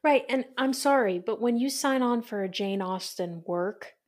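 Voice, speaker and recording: A woman's voice: on the high side, moderate pace, a little mellow. Chatty woman podcast host. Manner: chatty, playful, laughs often. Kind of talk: casual chat, reading quiz questions.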